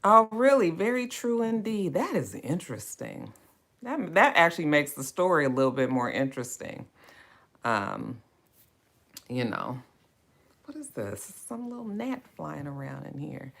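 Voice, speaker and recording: A woman's voice: low voice, big pitch swings, unhurried, gravelly, fairly bright tone. A woman hosting a book club livestream, greeting viewers by name in a chatty, drawling way. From West Coast of the United States. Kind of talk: casual livestream chat.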